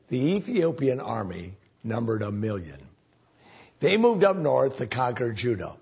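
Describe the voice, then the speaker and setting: A man preaching a sermon in a folksy, conversational way, often jumping up in pitch and volume for emphasis. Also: creaky, darkish tone, slightly rough, dull audio.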